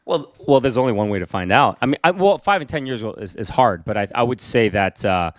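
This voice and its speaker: A man's voice: mid-range voice, animated, quick pace, no echo, studio quality. A man co-hosting a podcast, talking casually and giving supportive advice. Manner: supportive, chatty advice-giver. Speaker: podcast co-host.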